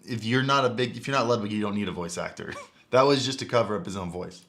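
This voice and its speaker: A man's voice: fairly low pitch, fast talker, fairly bright tone, a little hiss or hum. A man giving casual livestream commentary, thinking aloud and correcting himself as he talks. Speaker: livestreamer reacting to a video.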